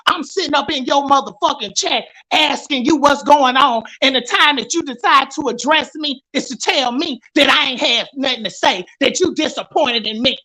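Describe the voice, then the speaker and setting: A woman's voice: high voice, bright, forceful tone, low-quality recording. A woman vlogger in a heated, profane, confrontational rant, talking straight at her viewers.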